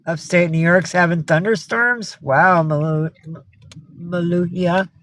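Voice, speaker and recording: A woman from upstate New York chatting casually on a live stream. She talks warmly to her cats, swears freely and answers viewers' comments. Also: on the low side, fairly even intonation, unhurried, slight background noise. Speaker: livestreamer.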